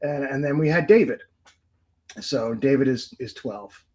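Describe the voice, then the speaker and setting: A man's voice: mid-range voice, unhurried, darkish tone, low-quality recording. A man in his forties, a podcast guest, telling family stories in casual chat and laughing often.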